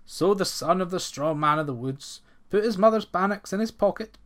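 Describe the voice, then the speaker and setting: A man narrating an old folk tale in a steady, expressive storybook reading. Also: high voice, normal speed.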